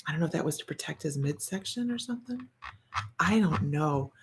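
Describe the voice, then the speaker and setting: Gravelly-voiced woman giving a rambling psychic reading. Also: deep voice, animated, a little fast. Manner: meandering, thinking aloud with fillers and self-corrections; relays impressions in a wondering, chatty tone. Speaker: psychic reader. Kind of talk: casual intuitive card reading to camera.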